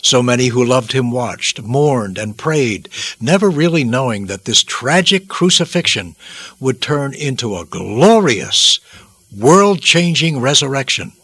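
A man's voice: medium pitch, lively intonation, a little slow, sharp tone, husky, no room sound. A man preaching a devotional sermon, dramatic and emphatic, repeating phrases for weight.

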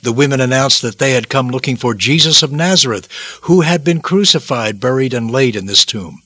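Bright husky-voiced man preaching dramatically. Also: mid-range voice, lively intonation, brisk, dry recording. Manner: dramatic, emphatic, with repeated phrases. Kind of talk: devotional sermon narration.

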